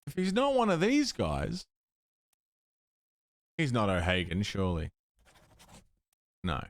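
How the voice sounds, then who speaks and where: A man's voice: lowish voice, takes it slowly, dry recording. A man streaming a puzzle game, thinking aloud, muttering guesses and swearing now and then. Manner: bursts of excited chat greeting viewers. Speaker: livestreamer playing a puzzle game. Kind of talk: live gameplay commentary.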